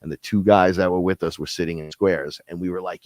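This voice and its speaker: A man with a very deep, low voice speaks a little fast into a close mic, in a dry, dead-sounding space with no room sound. In a casual spiritual talk-show monologue, he rambles through stories with a loose, profane, animated delivery, like a live show host chatting to his audience.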